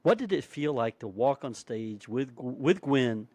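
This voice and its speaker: A man's voice: mid-range voice, animated, unhurried, mellow, no room sound. A man hosting a podcast, asking a guest a rambling question with repeated starts. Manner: reacts with short exclamations, asks rambling questions with repeats. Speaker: podcast host. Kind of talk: casual interview chat.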